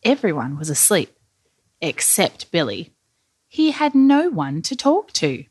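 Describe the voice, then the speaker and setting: A woman reading a children's story aloud in a lively, animated storytelling manner. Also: on the low side, breathy edge, no echo, studio quality. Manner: lively, animated, slow-paced narration.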